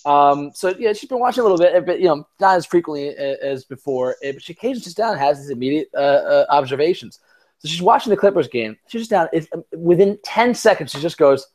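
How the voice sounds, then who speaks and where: Young guy rambling on a sports podcast, kinda high voice, swears a lot, tons of uh and like. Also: lively intonation, quick pace, darkish tone. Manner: rambling, profane, many fillers and restarts. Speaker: podcast co-host. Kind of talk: casual sports chat.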